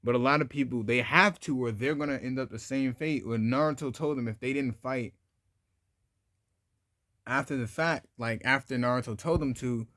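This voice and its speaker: A man's voice: medium pitch, noisy background. A man narrating a fan-made story in a casual, improvised way, rambling with a lot of "like" and restarts. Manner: rambling, heavy use of "like" and restarts.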